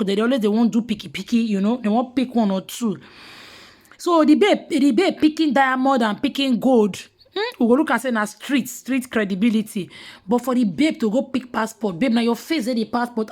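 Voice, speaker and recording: A woman with a Nigerian Pidgin accent telling gossip in casual commentary, mocking and animated, sometimes dropping to hushed asides. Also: fairly high pitch, a little fast. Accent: Nigerian Pidgin English.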